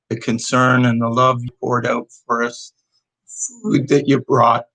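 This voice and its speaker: A man's voice: medium pitch, little pitch movement, bright, forceful tone, low-quality recording. A man leading a church devotional, speaking with heartfelt hesitation and reading scripture aloud while recovering from illness. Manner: slow, heartfelt, with hesitant restarts.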